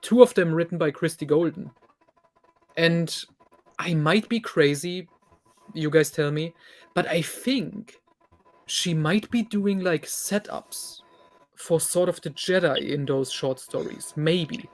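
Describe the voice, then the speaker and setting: A man's voice: a little high, slow pace, soft background music. A man hosting a casual chat, blunt and swearing casually.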